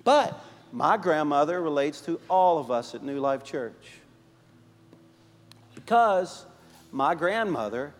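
A man who pastors a church, preaching a sermon and telling stories, swinging between emphatic and hushed delivery. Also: on the high side, in a large hall. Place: church sanctuary.

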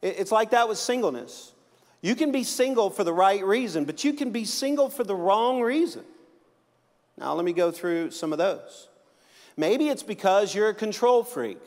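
High-voiced joking preacher. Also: male voice, big-room sound. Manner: joking, conversational, frequent restarts. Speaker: pastor. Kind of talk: sermon.

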